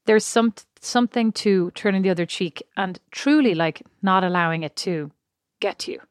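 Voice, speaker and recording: A woman's voice: mid-range voice, normal speed, no room sound, studio quality. A woman co-hosting a podcast, chatting casually and rambling, laughing often. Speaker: podcast co-host. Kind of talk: casual chat.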